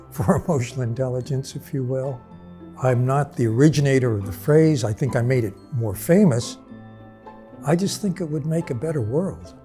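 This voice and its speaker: Calm, measured older man with a mellow voice. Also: mid-range voice. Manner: calm, measured, explanatory, slowing for emphasis. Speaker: author and speaker on emotional intelligence. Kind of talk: reflective interview talk.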